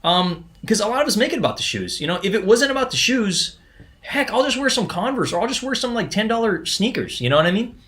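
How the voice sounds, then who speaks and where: A man hosting a live sneaker unboxing stream, talking in a casual, excitable way and often stumbling and restarting his sentences. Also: high-pitched, quick pace. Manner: excitable, chatty, frequent restarts and stammers. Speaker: sneaker livestream host.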